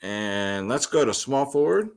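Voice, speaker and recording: A man's voice: medium pitch, expressive, unhurried, creaky. A young man hosting a fantasy sports picks show, talking loosely and slangily with lots of ums and side remarks. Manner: loose, slangy, chatty with many ums and asides. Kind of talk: casual slangy picks breakdown.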